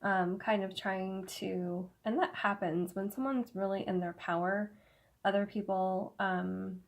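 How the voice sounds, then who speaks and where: A woman giving a casual tarot reading, slightly hoarse, with halting speech full of fillers and soft laughs, in an indoor room. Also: medium pitch, fairly even intonation. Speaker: tarot reader. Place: indoor room with incense smoke.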